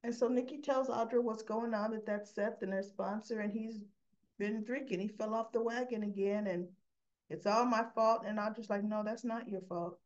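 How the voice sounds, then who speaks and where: A woman's voice: on the high side, steady tone, moderate pace, a little mellow, highs cut off. A woman hosting a soap opera recap, chattily retelling scenes as "he goes, she goes.". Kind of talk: casual storytelling recap.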